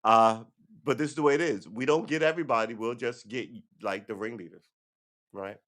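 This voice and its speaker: A man's voice: mid-range voice, a little fast, a bit bright. A man talking casually on a livestream, rambling and profane, with sarcastic asides. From United States. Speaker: livestream host.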